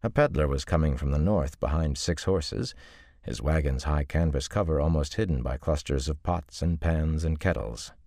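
Very deep-voiced male audiobook narrator. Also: normal speed, creaky, warm tone, no room sound, clean studio sound. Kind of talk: scripted narration.

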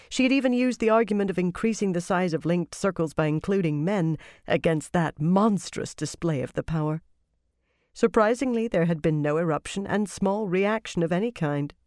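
An audiobook narrator reading a fantasy novel in a measured, expressive way. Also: medium pitch, dry recording, studio quality.

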